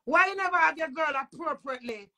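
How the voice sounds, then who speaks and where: High-voiced Jamaican woman ranting. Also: expressive, fast, bright, forceful tone. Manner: agitated, repetitive, swearing. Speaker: vlogger. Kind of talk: emotional rant to camera.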